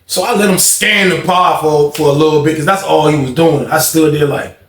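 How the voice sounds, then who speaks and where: A man telling a prison story in a casual storytime vlog, animated and profane, swinging from shouting to hushed. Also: fairly high pitch, brisk, reverberant.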